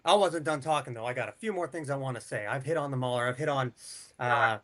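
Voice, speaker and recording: A man's voice: medium pitch, quick pace, a bit bright. A man calling in remotely as a wrestler, cutting an aggressive, boastful trash-talk promo. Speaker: wrestler guest. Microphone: remote call.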